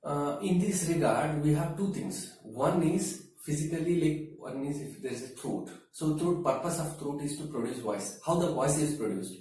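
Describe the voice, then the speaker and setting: A man explains health habits slowly and with many fillers, his voice somewhat high and mellow. He sounds a little far from the mic. The room rings with heavy echo. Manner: slow, deliberate, explains with everyday comparisons, frequent fillers. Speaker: wellness expert. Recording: very echoey room, distant mic.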